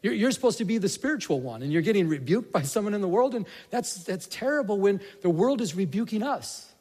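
A man's voice: high voice, lively intonation, brisk, a little mellow. A man preaching a sermon in a conversational way that builds to passionate emphasis. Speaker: pastor. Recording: reverberant hall.

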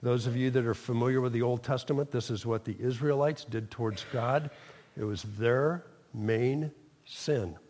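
A man's voice: mid-range voice, steady tone, moderate pace, a little mellow. Preaching man in a reverberant hall. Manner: emphatic call-and-response preaching. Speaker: pastor. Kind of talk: sermon. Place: church sanctuary.

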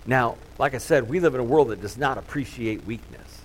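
Chatty pastor preaching casually. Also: male voice, medium pitch, lively intonation, brisk, slight background noise, rough recording. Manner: conversational and self-deprecating, with many fillers. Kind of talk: sermon.

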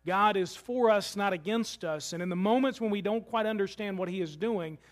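A male pastor delivering a conversational sermon to his church, mixing scripture reading with humorous asides. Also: sits high.

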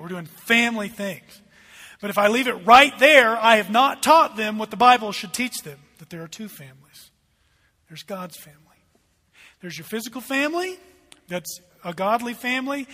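A middle-aged man preaching a sermon as pastor, swinging between loud emphatic lines and hushed asides. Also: high-pitched. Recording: long hall reverb.

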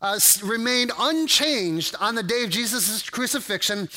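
A man's voice: sits high, expressive, normal speed, bright, forceful tone. A man preaching a sermon to a congregation, conversational and full of restarts and fillers. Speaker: pastor.

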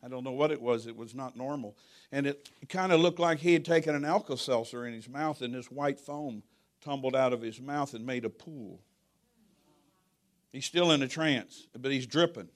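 A man preaching a sermon in a church, telling a story with jokes and swinging from hushed to loud. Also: medium pitch, moderate pace.

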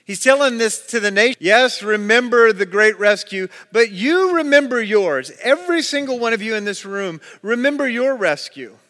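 A high-pitched, bright male pastor preaches in a large hall with a long reverb tail. He tells stories with lots of energy and acts out the voices in them. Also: normal speed, hardly any pauses. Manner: storytelling, animated, acts out voices. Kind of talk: sermon.

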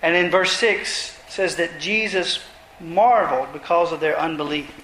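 A man's voice: on the high side, normal speed, bright, forceful tone, a little hiss or hum. A man preaching an expository sermon, retelling scripture passages earnestly and pressing his points with emphasis. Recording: roomy echo.

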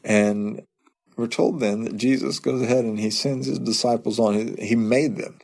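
A man giving a sermon as a pastor, talking in a conversational way, often repeating a word and adding quick asides. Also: mid-range voice, steady tone, creaky, darkish tone. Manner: conversational, repeats words, chuckles to himself.

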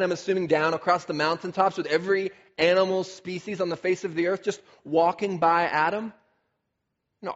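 A man preaching a sermon as pastor, animated and emphatic, full of rhetorical questions. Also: on the high side. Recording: dull recording with long hall reverb.

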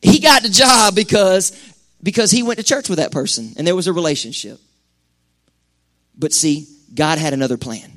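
A man's voice: sits high, moderate pace. Impassioned man preaching a sermon. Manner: impassioned, conversational preaching with sudden loud peaks and hushed drops. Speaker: pastor. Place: church sanctuary.

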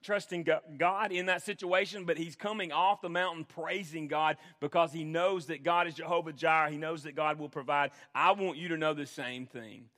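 A pastor preaches to his congregation in an earnest, emphatic way, circling back over phrases to drive them home. He is a man with a high, ringing voice. His words trail off into the long reverb of a large hall. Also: fairly even intonation, moderate pace, few pauses, pushed and bright. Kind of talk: sermon.

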